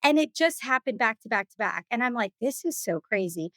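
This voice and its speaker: Chatty, animated woman guest. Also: a little high, a little fast, dry recording. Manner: animated, acts out other people's lines; chatty, full of "you know" and "like". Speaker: podcast guest. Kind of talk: casual storytelling in an interview.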